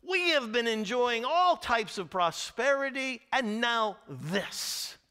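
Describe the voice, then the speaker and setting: A man preaching a sermon as pastor, telling the story with animated energy, acting out the screams and cries, then dropping to hushed tones at solemn points. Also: very high-pitched, slow pace, clear, resonant tone.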